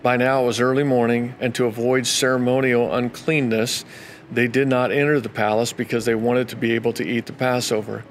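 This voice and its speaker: A pastor reading scripture aloud for a daily devotional, now and then breaking off into brief casual comments before carrying on. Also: male voice, mid-range voice, flat delivery, fairly quick, a little hiss or hum.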